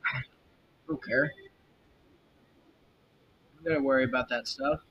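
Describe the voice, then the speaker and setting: A man's voice: fairly even intonation, a little slow, slightly rough. A young man hosting a casual solo podcast, rambling and opinionated, with lots of fillers and restarts. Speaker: podcast host. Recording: muffled lo-fi mic with faint rumble. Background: faint jazz music.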